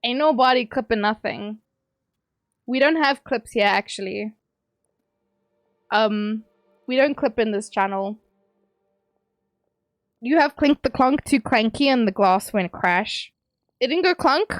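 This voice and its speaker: A woman's voice: on the high side, lively intonation, a little slow, long pauses, no room sound, studio quality. A woman streamer from England chatting casually with her stream chat, teasing and joking as she reads messages aloud.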